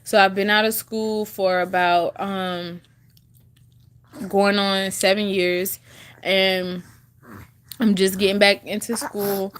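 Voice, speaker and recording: A woman's voice: medium pitch, flat delivery, slow, long pauses, slight background noise. Chatty young woman vlogging, chewing gum. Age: 20s. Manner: chatty, many fillers and restarts. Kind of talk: casual chat to camera.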